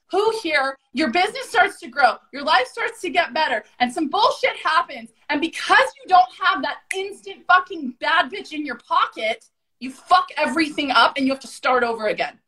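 A woman's voice: high-pitched, sharp tone, rough recording. A woman guest telling a story full of swearing, acting out what people said in shifting voices. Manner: swears constantly, acts out quotes in shifting voices. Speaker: podcast guest. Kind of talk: profane storytelling.

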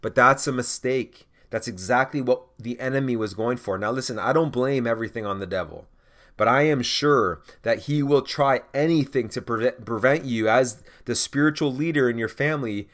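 A man hosting a faith podcast, speaking earnestly and urging listeners he calls gentlemen. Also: mid-range voice, moderate pace. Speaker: podcast host. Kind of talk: exhorting faith podcast monologue.

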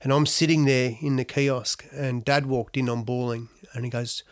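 A man's voice: mid-range voice, fairly even intonation, normal speed, no room sound, studio quality. A middle-aged Australian man telling his own life story in an interview, in a blunt, slangy, down-to-earth way. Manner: blunt, slangy, down-to-earth, frequent "you know". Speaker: guest. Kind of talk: candid personal storytelling.

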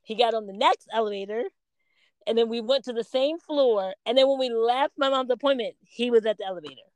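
A woman co-hosting a podcast in casual chat, telling stories with lively self-quotes. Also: a little high, fairly quick, clear, resonant tone, no echo. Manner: animated storytelling, quotes herself and others. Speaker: podcast co-host.

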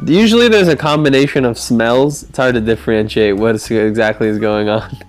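A man's voice: medium pitch, fairly quick, faint music behind. A young man co-hosting a podcast on a video call, overtired and playful, laughing often in casual chat. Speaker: podcast co-host.

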